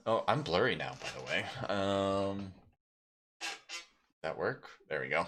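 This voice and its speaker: A man casting a live mobile esports match solo, chatty and rambling, with lots of fillers and sudden bursts of excitement. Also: low-pitched, takes it slowly, long pauses, a little hiss or hum. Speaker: esports caster and streamer. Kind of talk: solo live game commentary.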